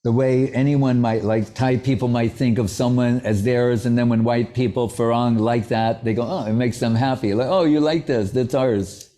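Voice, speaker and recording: A man's voice: mid-range voice, level tone, moderate pace, hardly any pauses, warm tone. A man giving a devotional lecture in a conversational, anecdotal way, with playful asides. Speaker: spiritual teacher.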